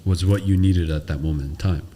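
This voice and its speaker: A man's voice: deep voice, steady tone, brisk, dark tone, slight background noise. A man hosting a podcast in casual chat, mostly giving short affirming replies. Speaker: podcast host.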